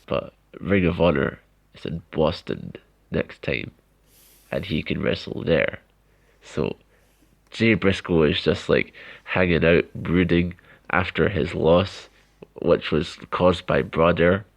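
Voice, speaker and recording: A man's voice: low voice, slow pace, vocal fry, lo-fi sound. A man co-hosting a podcast, chatting casually with lots of filler words. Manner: rambling, many "like" fillers, laughs often. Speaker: podcast co-host. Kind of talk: casual chat recapping wrestling.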